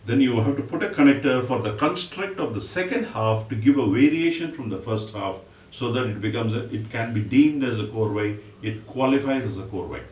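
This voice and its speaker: A man teaching a music lesson, explaining patiently and reciting drum syllables in quick bursts. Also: mid-range voice, animated. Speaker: rhythm teacher. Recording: echoey room, mic at a distance, faint noise.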